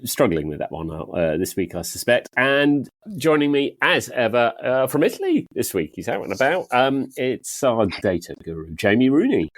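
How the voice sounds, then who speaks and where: A man's voice: normal speed, few pauses, dry recording. A man hosting a football podcast in casual chat, laughing often. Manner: chatty, laughs often, lively rises and drops in pitch. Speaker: podcast host.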